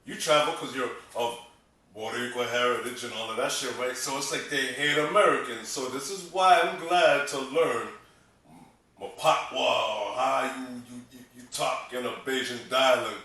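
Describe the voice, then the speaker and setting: Man, bright voice, blunt and profane, casual chat, roomy echo, distant mic. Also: mid-range voice, normal speed. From Massachusetts. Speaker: comedian and podcast co-host. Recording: echoey room, distant mic.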